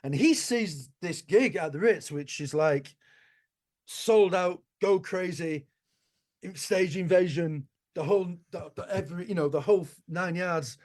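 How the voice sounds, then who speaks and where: A man in his sixties, a musician guest telling stories in an interview, animated and swearing casually. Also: high voice, unhurried. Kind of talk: anecdotal interview storytelling.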